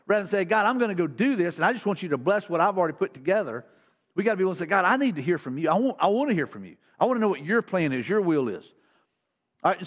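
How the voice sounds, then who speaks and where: A man preaching a casual, conversational sermon as pastor in a church, with folksy repetitions and restarts. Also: high-pitched. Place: church sanctuary.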